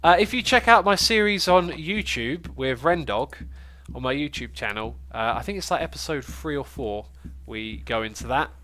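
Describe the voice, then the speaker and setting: A man's voice: a little high, expressive, moderate pace, hardly any pauses, bright, forceful tone. A man with a stuffy, congested nose hosting a casual gaming livestream, chatting and thinking aloud as he plays. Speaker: livestream host.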